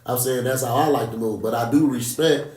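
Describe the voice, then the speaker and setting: A man in a podcast panel chat, talking casually with lots of slang and quick asides. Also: mid-range voice, fairly even intonation, darkish tone. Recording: echoey room, far from mic.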